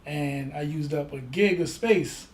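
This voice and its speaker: A podcast co-host with a slightly high voice speaks a little slowly, telling stories animatedly and acting out the voices of the people in his anecdotes during a casual chat. The room is echoey, with faint ambient noise.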